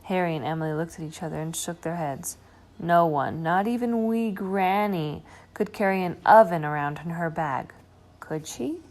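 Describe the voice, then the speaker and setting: A woman reading a children's storybook aloud, expressive and slowing for effect. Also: fairly low pitch. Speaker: storybook reader. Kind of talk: children's book read-aloud.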